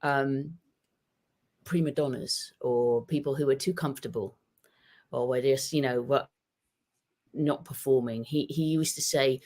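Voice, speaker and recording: A man chatting about football on a podcast, telling stories in an animated way, with many restarts. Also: mid-range voice, unhurried, long pauses. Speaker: podcast guest. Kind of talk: casual football chat. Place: home with a dog.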